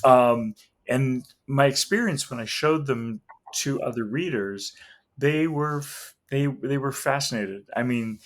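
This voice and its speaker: A man's voice: mid-range voice, measured pace. A middle-aged man, a tarot reader and guest, talking casually in an interview and acting out the people he quotes as he tells stories. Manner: animated storyteller acting out quoted voices. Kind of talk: casual interview talk, anecdotes.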